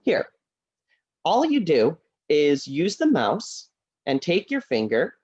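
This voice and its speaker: Woman voicing a cheerful teacher puppet, encouraging, lively up-and-down voice, dull video-call audio. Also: deep voice, slow pace, breathy edge, pitched below the performer's own voice, full character voice. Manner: encouraging, upbeat, coaxing. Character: cheerful, helpful teacher puppet, patient friend.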